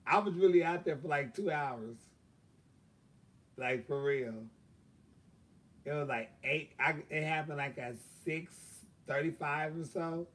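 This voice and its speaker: A livestream host tells a long story on his own stream, casual, profane and drawling, packed with fillers. His voice is on the high side and fairly bright, a little slow with long pauses, and the mic sits at a distance.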